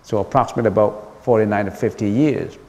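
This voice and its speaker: A man's voice: lowish voice, fast talker, mellow, highs cut off. A man, a Buddhist monk, giving a dharma lecture, repeating key phrases for emphasis and asking questions of his listeners. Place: temple lecture hall. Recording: long reverb from a large hall.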